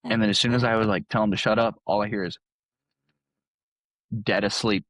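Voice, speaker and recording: A man's voice: on the low side, fairly even intonation, a little fast, a bit bright, dry recording. A young man, a podcast guest, telling a story casually, full of "like" and acted-out quotes. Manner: laid-back, lots of "like", acts out quotes. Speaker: podcast guest, college baseball player.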